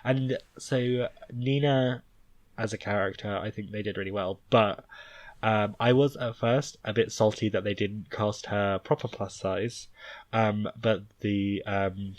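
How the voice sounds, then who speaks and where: A man co-hosting a podcast in a somewhat low voice. He chats casually and enthusiastically, laughing often and firing off quick bursts of opinion. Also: steady tone. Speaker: podcast co-host. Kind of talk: casual chat.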